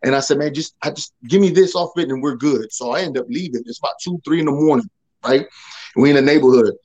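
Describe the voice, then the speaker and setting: A man who talks loud by nature, a podcast guest telling a personal testimony in casual slang and acting out the dialogue. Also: medium pitch, fast, dull audio. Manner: loud, animated, acts out quoted dialogue.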